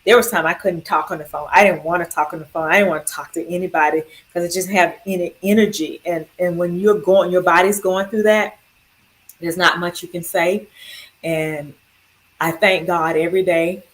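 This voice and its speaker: A woman speaks in a slightly low voice, telling her own story of surviving cancer. She talks in a heartfelt, loosely rambling way and stops to thank one person after another. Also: steady tone, normal speed, rough recording. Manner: heartfelt, rambling through long lists of thank-yous. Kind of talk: personal video testimony.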